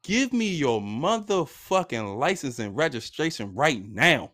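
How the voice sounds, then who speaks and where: A man's voice: mid-range voice, big pitch swings, unhurried, a bit bright. A man acting out an aggressive male police officer who barks swearing orders. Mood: barking orders. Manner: harsh, swearing commands.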